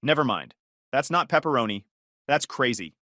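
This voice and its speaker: A man's voice: medium pitch, normal speed, no room sound. A man voicing a laid-back, sarcastic young male roommate who delivers dry wisecracks. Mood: wry. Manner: deadpan wisecracking.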